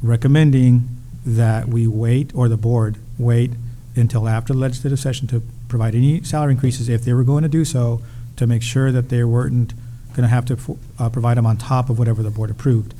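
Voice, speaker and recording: A man's voice: medium pitch, steady tone, brisk, hardly any pauses, warm tone, slight background noise. A man advising a school board at a meeting, careful and qualifying every point.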